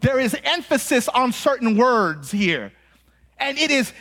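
An American man preaching with a high, lively voice. He keeps it conversational and animated, throwing in jokes and acting out quoted voices as he teaches. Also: measured pace. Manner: animated, joking asides, acts out quoted voices. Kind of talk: sermon.

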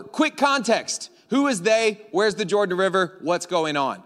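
A man's voice: sits high, very animated, a little slow, few pauses, fairly bright tone. A man from Louisiana preaching a sermon on stage in a large church, telling a road-trip story in a casual, joking way. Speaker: pastor. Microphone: stage microphone. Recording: long hall reverb.

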